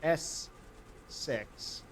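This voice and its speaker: A man's voice: very slow, fairly bright tone, slight background noise, poor audio. A man streaming live gameplay, talking himself through each step and getting frantic and swearing under pressure.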